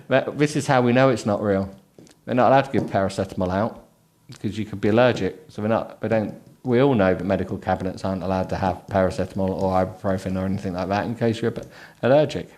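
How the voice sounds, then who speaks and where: A tired man with a low voice reads a book aloud as a host, breaking off for sarcastic, mocking commentary. His tone is dry and sleepy. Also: brisk, a little mellow. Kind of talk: comic book reading with running commentary.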